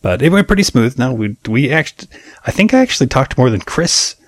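A man co-hosting a podcast, talking in a low-key, self-mocking casual chat. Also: sing-song, brisk, no echo. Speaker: podcast co-host.

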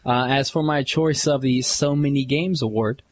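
A man co-hosting a gaming podcast, reading listener emails aloud in a brisk, jokey way. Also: mid-range voice, slight background noise. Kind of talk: casual chat and reading aloud.

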